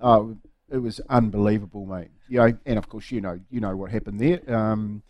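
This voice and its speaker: A man's voice: lowish voice, fairly even intonation, normal speed, darkish tone, dry recording. A man with a New Zealand accent co-hosting a breakfast radio show, telling stories in casual chat and saying mate often. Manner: chatty storyteller, says mate often. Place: radio studio.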